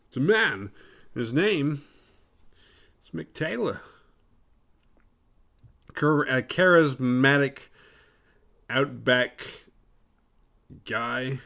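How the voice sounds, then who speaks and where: A man's voice: medium pitch, animated, extremely slow, gravelly, long pauses, pushed and bright. A man hosting a horror movie podcast, recapping a film in a rambling, profane, sarcastic way.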